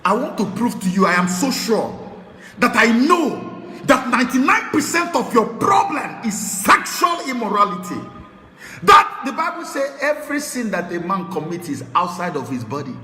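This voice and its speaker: Fiery high-pitched Nigerian preacher in a hall. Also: male voice, big pitch swings, moderate pace, a little hiss or hum. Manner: fiery, swings between shouting and hushed tones. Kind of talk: sermon. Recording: echoey hall with long reverb.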